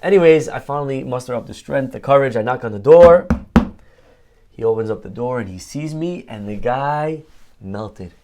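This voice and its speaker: Middle-aged man, rabbi, sermon, animated storyteller, gravelly fry, mid pitch. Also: moderate pace, background noise.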